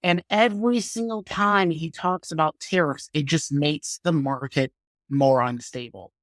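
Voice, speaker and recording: A man hosts a casual solo podcast and rants in a blunt, profane, opinionated way. His talk comes in quick bursts, full of "like" and self-interrupting restarts. The sound is dry and close, with almost no room echo. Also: a little high, a bit bright. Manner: laughs at himself, speaks in bursts with fillers. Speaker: podcast host.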